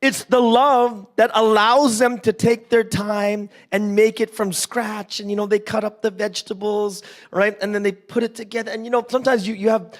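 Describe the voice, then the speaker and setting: A man's voice: high voice, flat delivery, normal speed, few pauses. A man from Canada preaching a casual, joking sermon, often asking the congregation questions. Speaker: pastor.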